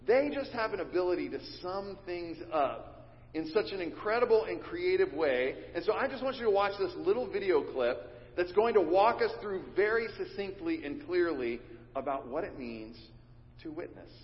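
High-voiced pastor preaching in an echoing hall. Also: male voice, lively intonation, moderate pace. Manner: teaching, leads the congregation in call and response. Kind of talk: sermon. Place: church sanctuary. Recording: dull recording in a reverberant church hall.

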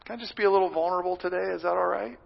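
A male pastor preaches in a high, earnest voice, rising into loud pleading and dropping to hushed whispers. The sound is dull and lo-fi, with a long reverb from a large sanctuary. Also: very fast, creaky. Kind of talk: sermon.

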